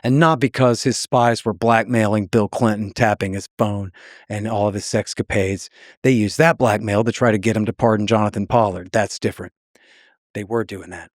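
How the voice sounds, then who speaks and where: A man's voice: lowish voice, steady tone, normal speed, no echo, studio quality. A man as a podcast guest, talking in a heated, mocking storytelling manner and acting out the voices of people he quotes.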